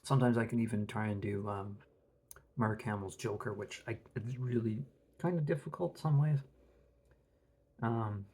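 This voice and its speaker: Gravelly man chatting on his podcast. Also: on the low side, moderate pace, pauses often, a little mellow. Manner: rambling, with frequent restarts and fillers. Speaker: podcast host. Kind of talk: casual monologue.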